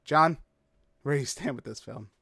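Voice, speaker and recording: A man's voice: medium pitch, moderate pace, creaky, fairly bright tone. A man co-hosting a movie review show, blunt and exasperated as he picks the film apart. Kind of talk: casual review chat.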